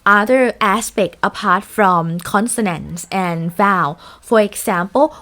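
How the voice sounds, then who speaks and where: A woman teaching a lecture, speaking in halting sentences with many fillers and restarts. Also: medium pitch, fairly bright tone.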